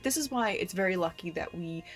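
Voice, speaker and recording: A woman's voice: lowish voice, animated, fairly quick, faint music behind. A woman vlogger chatting casually to camera in a friendly way, speaking directly to her viewers.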